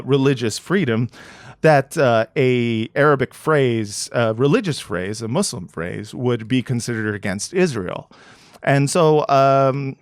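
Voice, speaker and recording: A man hosting a podcast, musing casually with many pauses and fillers. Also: medium pitch, no room sound, clean studio sound. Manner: halting, filler-heavy musing. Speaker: podcast host. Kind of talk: casual reflective podcast talk.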